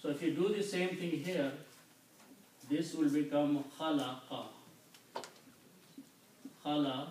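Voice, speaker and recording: A man teaching Quranic Arabic vocabulary, explaining each word slowly and patiently, often checking in with "Okay?". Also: a little high, fairly even intonation, darkish tone. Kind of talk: slow explanatory lesson. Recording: echoey room, mic at a distance, faint noise.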